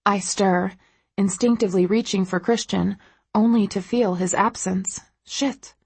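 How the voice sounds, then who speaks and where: A woman's voice: medium pitch, steady tone, moderate pace, gravelly, darkish tone, slightly rough, no room sound. A woman narrating a first-person audiobook in an intimate, emotive way.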